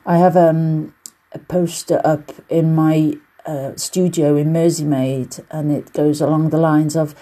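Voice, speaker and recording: A woman's voice: deep voice, level tone, unhurried, dark tone. A woman hosting a casual solo podcast about quilting. She talks in a chatty, encouraging way with loose, rambling asides. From United Kingdom. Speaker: podcast host and quilting teacher.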